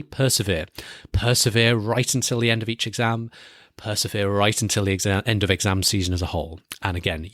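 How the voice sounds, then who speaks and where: A man's voice: on the low side, fairly bright tone, no echo, clean studio sound. A young man hosting a study podcast, giving earnest, encouraging exam advice in scripted narration. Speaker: podcast host and exam coach.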